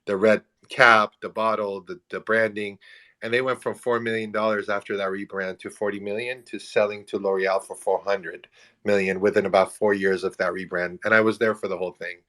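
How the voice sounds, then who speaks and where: A low-voiced man in his forties tells stories in a casual online audio chat. He talks briskly, stays animated and self-mocking, and laughs often.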